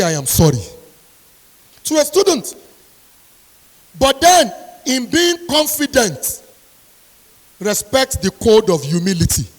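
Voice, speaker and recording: Stern woman lecturing in a hall. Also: a little high. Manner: emphatic, repeats key lines, stern. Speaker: university lecturer. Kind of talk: motivational speech to an audience. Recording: long hall reverb.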